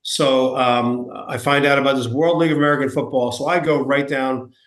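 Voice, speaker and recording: A man's voice: medium pitch, steady tone, fairly quick. Rambling New York man in an echoey room. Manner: rambling, self-deprecating, lots of fillers and restarts. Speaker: guest. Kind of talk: casual storytelling interview.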